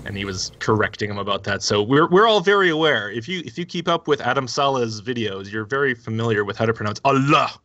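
A man's voice: mid-range voice, lively intonation, fast, few pauses, pushed and bright, muffled recording, a little hiss or hum. A man guesting on a podcast, chatting casually with dry, amused remarks. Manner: dry, laughing commentary.

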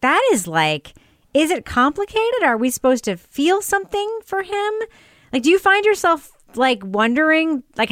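A woman hosting a casual discussion, animated, her pitch leaping up on her questions. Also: no echo, clean studio sound. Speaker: podcast host.

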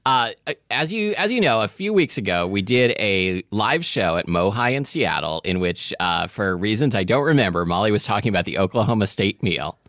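A man's voice: fairly low pitch, very animated, moderate pace, few pauses, fairly bright tone, no room sound, clean studio sound. A man hosting a podcast in casual chat, wry and joking, reading aloud from his notes while he chews. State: chewing food. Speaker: podcast host.

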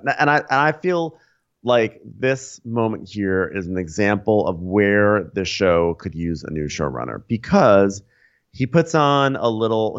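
A man's voice: fairly low pitch, lo-fi sound. Man co-hosting a chatty recap podcast. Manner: animated, acts out quoted people in raised voices. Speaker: podcast co-host. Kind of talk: casual chat, recapping a reality show.

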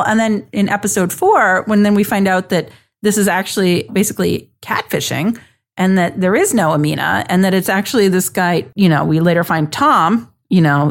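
Chatty woman thinking aloud on a podcast. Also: medium pitch. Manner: thinks aloud with many likes and you knows. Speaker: podcast co-host. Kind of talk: casual chat.

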